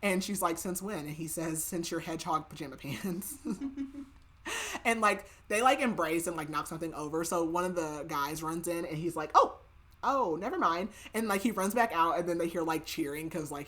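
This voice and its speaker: On her podcast, a woman retells a novel's plot in a chatty, casual book recap, acting out the characters' dialogue and saying "like" constantly. Her low-pitched voice is fairly bright and moves a little fast.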